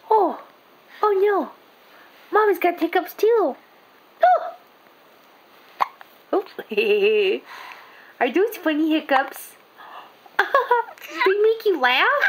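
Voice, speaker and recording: A woman's voice: sits high, slight background noise. A mother filming her baby at home on a handheld camera, cooing in sing-song baby talk and laughing often. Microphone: handheld home video camera.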